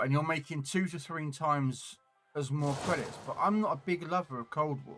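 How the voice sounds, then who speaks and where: A man's voice: a little high, moderate pace, fairly bright tone, soft background music. A man streaming a tank game, chatting casually and rambling as he repeats words while thinking aloud, on a desktop condenser mic. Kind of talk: casual gameplay commentary.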